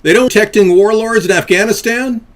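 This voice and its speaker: A man's voice: high voice, voice pushed up, natural voice. A man putting on an indignant elder with broken grammar. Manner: accusing, halting broken grammar. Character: indignant male elder speaking in broken English.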